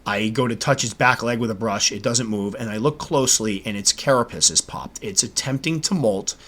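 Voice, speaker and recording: A man hosting a casual solo podcast, telling a story with animated delivery and acting out his own exasperated reactions. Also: on the low side, fairly quick. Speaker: podcast host.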